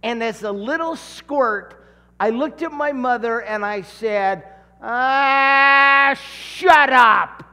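A middle-aged pastor from California preaches with a high voice that rings through a long hall reverb. He takes his time, then acts out the voices in his story with real animation. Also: unhurried. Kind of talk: sermon with personal story.

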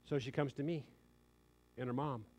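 A man's voice: medium pitch, normal speed. An older man preaching a sermon, telling a family story in an earnest, conversational way. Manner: earnest, conversational, quoting others in lively asides.

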